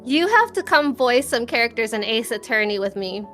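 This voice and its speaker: High-voiced giggly woman. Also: very animated, moderate pace, fairly bright tone, faint music behind. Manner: giggly, chatty, laughs often. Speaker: guest vtuber. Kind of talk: casual podcast chat.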